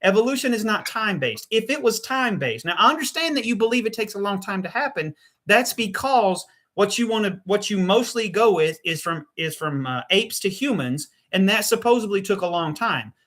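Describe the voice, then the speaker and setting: A man's voice: sits high, lively intonation, fairly quick, fairly bright tone. A man hosting a live call-in debate. He presses callers, repeats his phrases and cuts in. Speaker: debate host.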